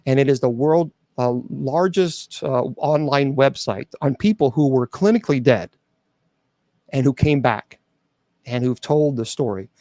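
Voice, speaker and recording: A man's voice: medium pitch, expressive, unhurried, warm tone, no echo. A middle-aged man hosting a show, earnestly telling a personal story to his audience with frequent restarts and fillers. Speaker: host.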